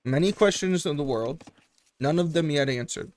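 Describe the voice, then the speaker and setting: Male live-stream game caster, a bit high-pitched, chatty and joking, full of quick asides. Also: darkish tone. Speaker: strategy game tournament caster.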